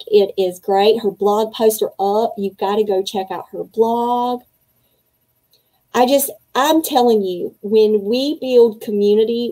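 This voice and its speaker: Emotional woman host with a mellow voice. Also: a little high, low-quality recording. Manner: emotional, faith-filled, excited storytelling. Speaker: conference organizer and host. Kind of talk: welcome speech to a virtual conference.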